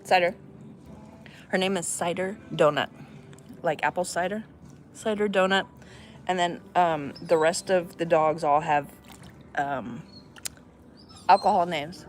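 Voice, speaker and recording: A woman's voice: fairly low pitch, measured pace, long pauses, slight background noise. Chatty woman vlogging outdoors. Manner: chatty, talks to a dog between asides. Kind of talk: casual vlog chat.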